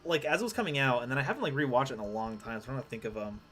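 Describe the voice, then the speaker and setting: A man's voice: mid-range voice, big pitch swings, very fast, fairly bright tone, a little hiss or hum. A man streaming a card game live, rambling and self-deprecating as he chats with his viewers. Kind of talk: live gameplay commentary.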